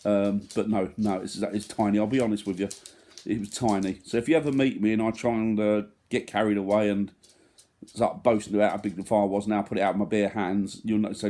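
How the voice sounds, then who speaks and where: Mellow-voiced man rambling and joking. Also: fairly low pitch, fairly even intonation, fairly quick. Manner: rambling, joking, self-deprecating. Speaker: vlogger. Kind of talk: casual vlog chat.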